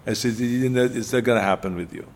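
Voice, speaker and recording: A man's voice: medium pitch, fast. An older man with an Austrian accent, a guest telling his story in casual talk, emphatic and repeating key phrases for punch.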